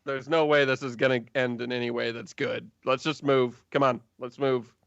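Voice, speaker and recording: A man voicing a weary male guard who calmly tries to settle things down, in a dull, dry recording. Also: medium pitch, normal speed, gravelly, no room sound. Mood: firm. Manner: calm, firm, trying to defuse.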